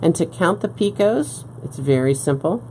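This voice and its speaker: A woman's voice: on the low side, animated, normal speed, darkish tone, a little hiss or hum. A woman beading instructor on a live craft stream, explaining each step patiently and often checking in with "okay?". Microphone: live-stream setup at a work table.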